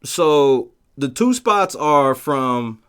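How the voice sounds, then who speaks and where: A man hosting a casual livestream, talking profanely and telling stories with lively shouted bits as he reads the chat. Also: medium pitch, very slow, clean tone. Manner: profane, animated storytelling with shouted quotes. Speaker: livestream host reading chat.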